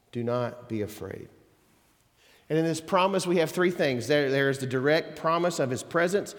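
A medium-pitched pastor gives a sermon in a reverberant church sanctuary. He preaches in a conversational way, using folksy asides and emphatic quotes.

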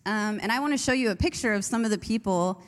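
Speaking fast at a medium pitch, a young woman who leads youth gives her personal testimony. She talks chattily with lots of fillers, and the recording carries a long hall reverb.

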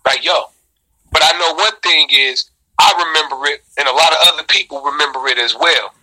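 Male rapper, middle-aged, husky and bright, animated profane storyteller. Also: fairly quick, poor audio. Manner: animated and profane, reenacting quotes with sudden high shouts. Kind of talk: storytelling in a casual interview.

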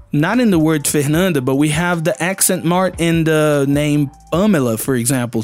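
Guy teaching english, kinda high voice, lots of "you know", faint music under it. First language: Portuguese. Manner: conversational and emphatic, many "you know"s. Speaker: language teacher. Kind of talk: casual video lesson.

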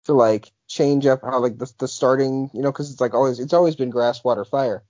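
A man's voice: medium pitch, steady tone, brisk, darkish tone, dry recording. A young man co-hosting a podcast in casual chat, rambling with lots of filler words and restarts. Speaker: podcast co-host. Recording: dull lo-fi podcast audio.

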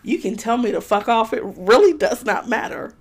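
A woman's voice: on the high side, animated, normal speed, husky. A woman co-hosting a podcast, telling stories animatedly in casual chat and swearing freely. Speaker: podcast co-host.

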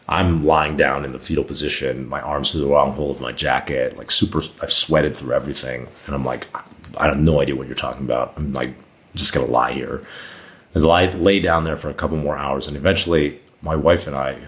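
A man's voice: a bass voice, fairly bright tone. A man as a podcast guest, telling a long personal story in a casual, rambling way with lots of "like" fillers.

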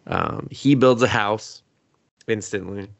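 A man's voice: fairly low pitch, takes it slowly, vocal fry, dry recording. A man casually recapping an anime on a podcast, laughing often and swearing freely. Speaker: podcast co-host.

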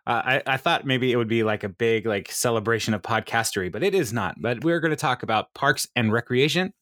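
A man co-hosts a podcast, chatting casually, rambling, and laughing often. His mid-range voice is brisk with a fairly bright tone, recorded in studio quality with no room sound.

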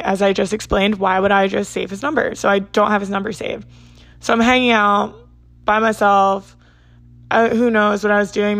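A woman's voice: mid-range voice, no room sound. Chatty young woman telling a story. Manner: chatty, says "like" a lot. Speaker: vlogger. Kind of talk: casual storytime.

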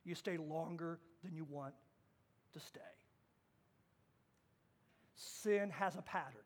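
A man from Kansas preaching a sermon as pastor, telling a story and acting out the voices in it, moving from hushed to loud. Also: on the high side, takes it slowly. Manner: storytelling with acted-out quotes, swings from hushed to loud.

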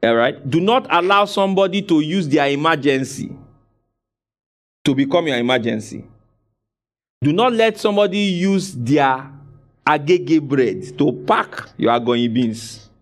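Male preacher, slightly high voice, drives points home through repetition and asks the congregation to answer back. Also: lively intonation, unhurried. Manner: exhorting, call-and-response with the congregation; repeats phrases for emphasis. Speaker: pastor. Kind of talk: sermon.

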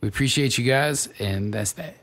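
A man hosting a radio show in casual chat, upbeat and giving shout-outs. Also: mid-range voice, normal speed.

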